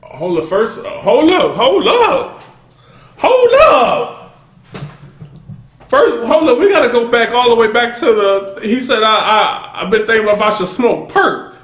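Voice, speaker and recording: A man giving excited, casual commentary while reacting to a rap song, often stopping to say "hold up.". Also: very high-pitched, normal speed, echoey room. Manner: excitable, keeps interrupting with "hold up"; bursts into laughter and shouts. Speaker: music reaction host.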